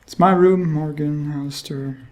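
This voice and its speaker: A woman's voice: sits low, steady tone, unhurried, a little mellow, a little hiss or hum. A woman giving casual, chatty gameplay commentary, thinking aloud and laughing often. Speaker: let's play host.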